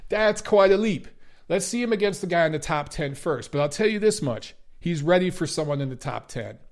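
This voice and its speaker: A man's voice: fairly high pitch, lively intonation, a little fast. A man hosting a boxing review show, giving blunt, profane, emphatic commentary in a ranting style. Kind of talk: opinionated commentary and rant.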